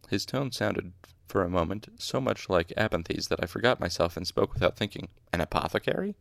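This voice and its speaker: A man's voice: deep voice, brisk, gravelly, few pauses, fairly bright tone, no echo, studio quality. A man casually reading a novel aloud, stopping now and then to correct his slips. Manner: informal, stops to correct slips. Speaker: audiobook reader. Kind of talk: casual amateur audiobook narration.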